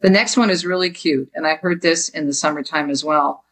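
A woman from Jersey City, New Jersey, a book author being interviewed, telling stories in an animated way. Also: sits low, fairly quick, poor audio. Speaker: author guest.

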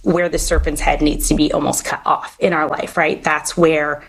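A woman's voice: deep voice, level tone, normal speed, low-quality recording. A woman hosting a faith-based podcast, talking earnestly and encouragingly like a short sermon. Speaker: podcast host. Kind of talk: faith-based interview chat.

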